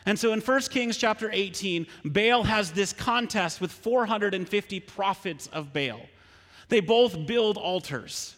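A pastor preaching a sermon, retelling a story with frequent rhetorical questions. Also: male voice, high voice, measured pace, fairly bright tone, big-room sound.

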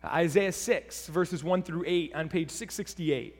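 A man with a notably high voice delivers a sermon from a church sanctuary. His words ring out with a long hall echo, and he talks earnestly, often restarting phrases and repeating words. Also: a little slow, hardly any pauses. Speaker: pastor. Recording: reverberant hall.

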